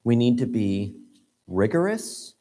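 Husky-voiced man teaching Sunday school. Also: medium pitch, very animated, slow, mellow. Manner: earnest, emphatic teaching with rhetorical questions. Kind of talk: church Sunday school lesson.

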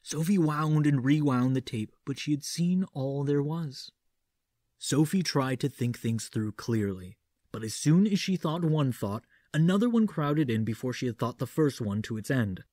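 A man narrating an audiobook in a measured, theatrical manner, doing an impression of a classic horror-film actor. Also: medium pitch, animated, a little mellow, no room sound, clean studio sound. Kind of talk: audiobook reading doing a Vincent Price impression.

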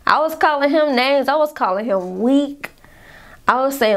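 A woman's voice: sits high, animated, normal speed, fairly bright tone. A young woman telling a painful personal story to her viewers in a vlog, rambling, calling them y'all, fighting back tears. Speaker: vlogger.

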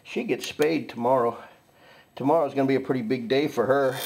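Gravelly man talking sweetly to his dogs. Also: mid-range voice, fairly quick, darkish tone. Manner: affectionate baby-talk to dogs. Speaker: dog rescue operator. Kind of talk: casual morning vlog. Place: home with dogs, early morning.

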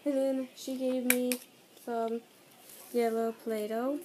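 A woman's voice: on the high side, flat delivery, takes it slowly, noisy background. A teenage girl vlogger chatting casually through an unboxing, bubbly and gushing, giggling often. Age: teens.

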